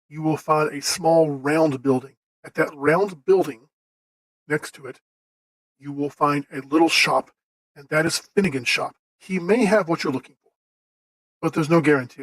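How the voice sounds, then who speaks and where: A man's voice: a little high, normal speed, dry recording, natural voice, poor audio. A man voicing a chatty, helpful male shopkeeper who rambles and hesitates with many fillers. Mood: explaining.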